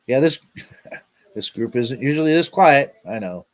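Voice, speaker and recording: A man's voice: medium pitch, expressive, unhurried. Rambling laid-back man hosting a livestream. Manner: rambling, repeats himself, lots of fillers. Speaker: livestream host. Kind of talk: casual livestream chat.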